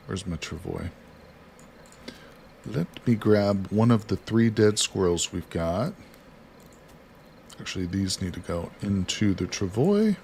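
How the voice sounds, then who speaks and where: A man's voice: sits low, gravelly, a little mellow, a little hiss or hum. A man livestreaming a survival card game, casually talking through each move and chatting with viewers. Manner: chatty, reads chat aloud, talks himself through actions. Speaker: livestream host. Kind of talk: casual gameplay commentary.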